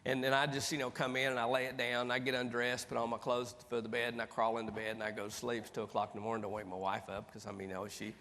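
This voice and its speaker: A man's voice: medium pitch, rapid-fire, hardly any pauses. Guy in his 50s doing a funny keynote, folksy storytelling, big echoey hall, faint hiss. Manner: folksy, animated, acts out dialogue. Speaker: motivational speaker. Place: large conference hall with audience. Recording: reverberant hall, faint background noise.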